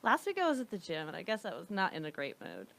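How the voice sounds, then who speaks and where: A young adult woman co-hosting a comedy podcast, telling stories in a casual, animated way and laughing often. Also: fairly low pitch, fast talker, vocal fry. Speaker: podcast co-host. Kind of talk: casual chat, storytelling.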